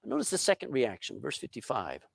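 A middle-aged man preaching a sermon, swinging between loud emphasis and hushed asides. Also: medium pitch, wildly swooping pitch, brisk, creaky, dry recording, clean studio sound. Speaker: pastor. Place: church sanctuary.

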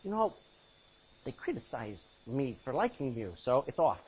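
A woman's voice: very deep voice, sing-song, normal speed, husky, voice pushed down, heavily acted. A male preacher voicing a fickle, smitten young woman in a sermon story, in a muffled lo-fi recording. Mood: apologetic.

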